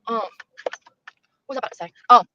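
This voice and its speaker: A woman's voice: a little high, lively intonation, moderate pace, pushed and bright. A woman vlogging from her car, talking in an aggrieved, complaining way. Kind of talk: vlog monologue. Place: car in a gas station parking lot. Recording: dull lo-fi clip audio.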